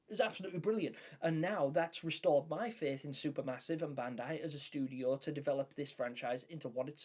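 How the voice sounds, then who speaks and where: Guy hosting a live stream, kinda high voice, chatty and excited, talks to chat. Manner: chatty, enthusiastic, reads and answers chat. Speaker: livestream host.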